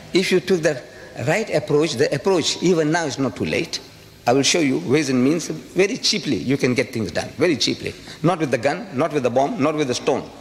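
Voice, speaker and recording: A man from South Africa giving a public lecture, talking emphatically with repeated rhetorical questions. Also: a little high. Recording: reverberant hall with faint ambient noise.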